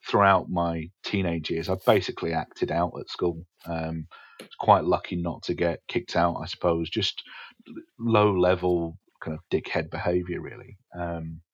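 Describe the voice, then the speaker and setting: An English man, a stand-up comedian, frankly recounting his teenage years in a podcast interview, swearing casually and pausing with fillers. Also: sits low, flat delivery, slightly rough, no room sound. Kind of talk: candid interview storytelling. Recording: dull, dry podcast audio.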